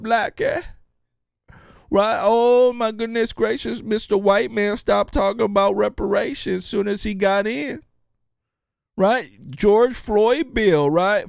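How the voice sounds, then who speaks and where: Male commentary host, crisp resonant tone, deliberate pace, provocative and jokey. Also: high voice, a little mellow, dry recording. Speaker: show host. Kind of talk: political commentary monologue.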